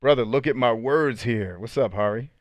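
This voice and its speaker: A man's voice: mid-range voice, moderate pace, no echo. A man hosting a podcast and reading out live chat comments in a casual, slangy way, laughing often.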